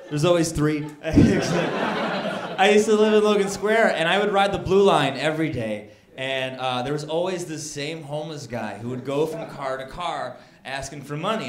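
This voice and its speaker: A man doing a stand-up set, telling a story with growing excitement and laughing into his lines. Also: fairly high pitch. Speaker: stand-up comedian. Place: comedy club stage. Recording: echoey live room with crowd.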